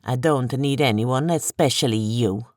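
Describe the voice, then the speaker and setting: A sneering, arrogant male colonel with an Italian-like accent, put on by an audiobook narrator. He speaks slowly and condescendingly, stretching his words with disdain, in a slightly lower register. The recording is dry and close. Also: darkish tone, dry recording, close to an everyday voice. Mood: haughty. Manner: haughty, condescending, drawn-out. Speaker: audiobook narrator voicing a character.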